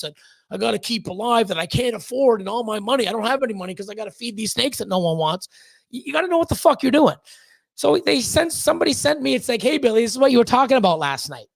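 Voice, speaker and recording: A man's voice: very high-pitched, lively intonation, fast, gravelly, no room sound. A man talking as a podcast guest in a blunt, profane rant, often repeating words as he gets worked up. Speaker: podcast guest, snake breeder. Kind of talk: candid ranting conversation.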